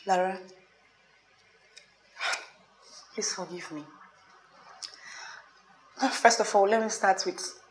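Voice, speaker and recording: A woman's voice: very high voice, a bit bright, echoey room. An actress with a Nigerian accent playing a remorseful woman who begs her friends to forgive her, swinging between pleading and frantic laughing. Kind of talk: Nollywood film acting.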